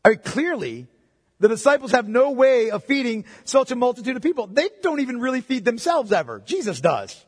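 A middle-aged man preaching a sermon, conversational and animated, with joking asides. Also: extremely high pitch, brisk, breathy edge. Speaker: pastor. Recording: reverberant hall.

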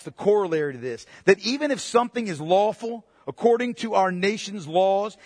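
A man's voice: sits high, no echo, clean studio sound, in a large hall. A man preaching a sermon, emphatic, repeating phrases for stress and asking the congregation questions. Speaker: pastor.

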